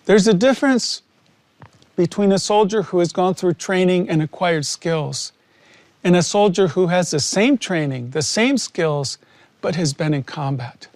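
A man with a high voice preaches a personal testimony in an earnest, emphatic way, pausing often for weight. The sound is close and dry, with no room around it. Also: no echo. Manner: earnest, slow and emphatic with long pauses. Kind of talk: sermon testimony.

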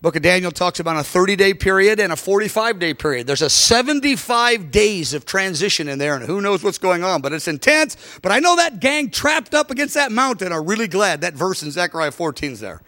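A man's voice: high voice, very animated, a little fast, hardly any pauses, bright, forceful tone. A middle-aged man preaching a sermon emphatically, acting out quoted lines.

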